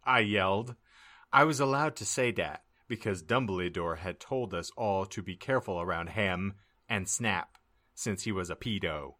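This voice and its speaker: A man hosting a comedy podcast, reading a story aloud in a mock-dramatic way and pausing to joke with his co-hosts. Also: low voice, no room sound. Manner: lively, mock-dramatic narration. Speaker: podcast host.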